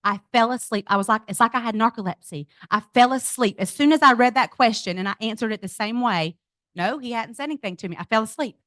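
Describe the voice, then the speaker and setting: A middle-aged woman giving a lively personal testimony to a group, speaking to them directly. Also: on the high side, fast, no room sound. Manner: animated storytelling, addresses audience as y'all. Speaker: speaker at a business event. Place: event venue.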